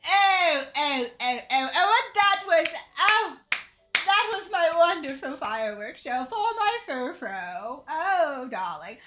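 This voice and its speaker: A woman's voice: high voice, sing-song, over music, full character voice. A woman playing a gushing pompous rich man. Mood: haughty. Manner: gushing, drawn-out exclamations.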